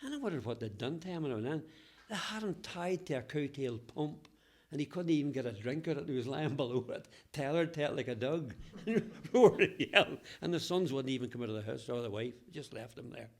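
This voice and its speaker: Brisk and expressive, this mid-range, slightly mellow male voice belongs to a Ballywalter man in his eighties. Interviewed as a local historian, he tells stories from his Northern Irish childhood in broad dialect and a Northern Irish accent, chuckling often.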